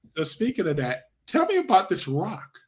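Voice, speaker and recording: A man's voice: sits high, wildly swooping pitch, normal speed. A man hosting a radio interview show, chatting casually with plenty of supportive affirmations. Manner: warm, supportive, frequent affirmations.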